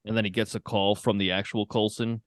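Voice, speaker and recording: A man with a fairly low voice and a dry, close sound, chatting casually about a film on a podcast. His delivery is relaxed, and he laughs easily. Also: a little fast, no room sound. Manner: relaxed, laughs often, acts out reactions in quotes. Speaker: podcast co-host. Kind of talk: casual movie chat.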